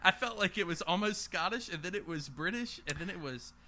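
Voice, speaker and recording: Young male podcast co-host, teasing, quick, slightly high, bright tone. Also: animated. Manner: teasing, quick banter, chuckles a lot. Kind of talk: casual podcast chat.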